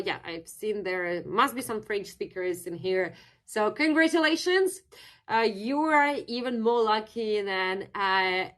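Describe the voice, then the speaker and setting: A young woman from Russia with a Russian accent, teaching her native language in a chatty live-stream lesson and answering viewers in the chat. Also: mid-range voice.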